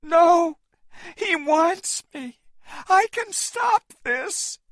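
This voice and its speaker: A man's voice: lively intonation, extremely slow, no room sound, exaggerated voice. Anne, a man doing a desperate young woman. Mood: defiant. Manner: high, cried pleading, shouted. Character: desperate young woman pleading for a captured giant ape.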